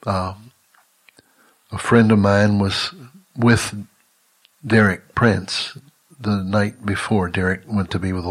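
An older man preaches with a husky, somewhat low voice. He talks earnestly and haltingly, stopping and restarting his sentences again and again. It sounds like a monthly teaching message from a ministry leader.

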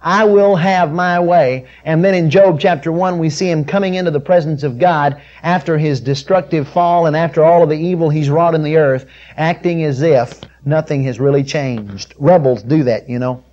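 A man delivers a sermon in a fairly high, mellow voice. He pushes hard and loud through quoted scripture, then sinks soft and low for the personal points. The recording sounds dull and lo-fi. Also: moderate pace, hardly any pauses. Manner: emphatic, builds to loud peaks on scripture quotes. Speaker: preacher.

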